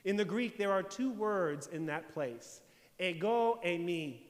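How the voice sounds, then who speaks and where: High-voiced preacher in a reverberant church. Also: male voice, lively intonation, unhurried. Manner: emphatic, explanatory preaching with rhetorical questions. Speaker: pastor. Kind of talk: sermon. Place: church sanctuary.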